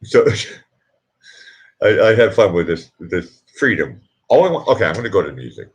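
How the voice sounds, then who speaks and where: This is a middle-aged livestream host with a low voice that swings widely in pitch, speaking a little slowly. His casual chat with viewers rambles, he keeps interrupting himself, and he laughs at his own jokes.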